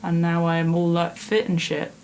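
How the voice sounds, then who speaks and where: A woman's voice: fairly low pitch, monotone, normal speed, a little mellow. A young woman co-hosting a podcast, chatting casually with a self-mocking, laughing manner. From northern England. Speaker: podcast co-host. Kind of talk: casual chat.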